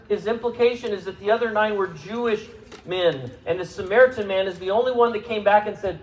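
This man preaches fairly quickly to his church congregation as pastor, keeping it conversational and questioning his listeners. He climbs in pitch and volume to stress points, and the audio comes across dull.

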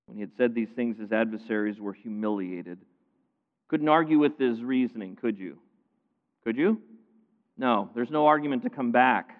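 Animated male preacher in a reverberant hall. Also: mid-range voice, moderate pace. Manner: animated preaching, swings between loud emphasis and quiet asides. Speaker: pastor. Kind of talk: sermon. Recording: phone-like sound with long hall reverb.

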